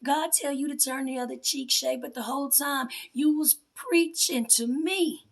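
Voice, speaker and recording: A woman giving an emotional personal testimony aimed at her mother, confrontational and swinging between hushed whispers and a raised, accusing voice. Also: sits high, moderate pace, gravelly. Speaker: self-styled spiritual priestess.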